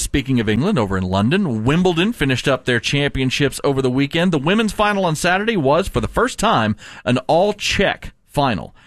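A man's voice: mid-range voice, no room sound, clean studio sound. A man hosting a casual sports news show, reading headlines and laughing with co-hosts. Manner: lively, laughs often, reads news items.

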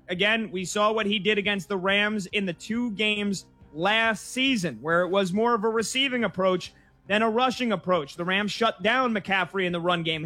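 A man hosting a sports betting talk show, running through stats briskly and leading the segment. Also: sits high, bright, forceful tone. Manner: brisk, stat-heavy, leads the segment.

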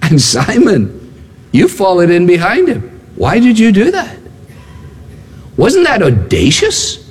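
A male pastor delivers a sermon in a high, very animated voice that climbs and dips across wide swings. He drives his points home with repeated phrases and asks the congregation pointed rhetorical questions. His voice rings out with a long trailing reverb from a large church hall. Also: slow pace, breathy edge. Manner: emphatic, building repeated phrases.

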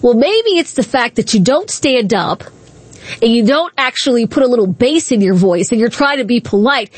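A woman hosts a talk radio show, delivering combative, indignant commentary full of rhetorical questions. Her voice sits fairly high and sounds dry and close to the mic. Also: animated, moderate pace, husky, no room sound.

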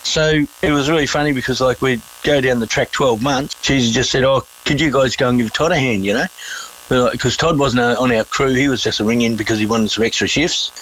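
Middle-aged aussie bloke yarning away, acts out the quotes, bit of hiss behind. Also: male voice, medium pitch, fairly quick, rough recording. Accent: Australian. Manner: animated, acts out quotes, laughs. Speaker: interviewee. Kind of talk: casual storytelling.

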